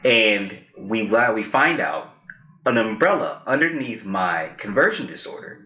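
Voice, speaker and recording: A man co-hosting a podcast tells a personal story in a casual, animated way, slipping into quoted voices as he goes. His voice sits fairly low but comes across bright and forceful. The sound carries a noticeable room echo. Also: a little slow. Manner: animated storyteller who acts out quoted lines. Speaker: podcast co-host. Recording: roomy echo.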